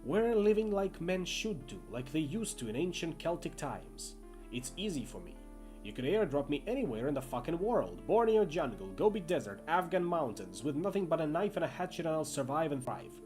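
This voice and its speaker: A swaggering young bully with a working-class Northern English accent sneers out boasts and threats, as a male narrator puts him on in a higher, louder voice that swings widely. He taunts with cocky menace, a game figure full of bravado. Soft music plays behind. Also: big pitch swings, moderate pace. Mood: taunting. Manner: bragging, taunting.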